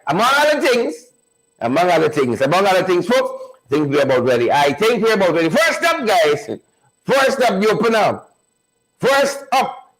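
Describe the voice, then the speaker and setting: A man with a high voice hosts a live online show, greeting viewers one by one and repeating himself to build energy in a loose, hyped-up chat. The audio is poor.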